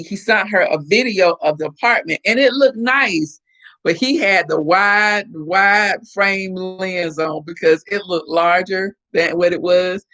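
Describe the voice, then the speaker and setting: A woman's voice: fairly low pitch, a bit bright. Middle-aged woman from Florida, live-stream host, casual chatty storyteller. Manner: chatty storyteller, acts out quoted voices. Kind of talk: casual chat with viewers.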